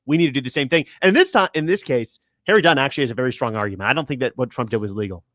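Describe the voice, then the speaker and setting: A man co-hosting a call-in show, animated, throwing in quick remarks and laughing often. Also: mid-range voice, dry recording, studio quality. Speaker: co-host.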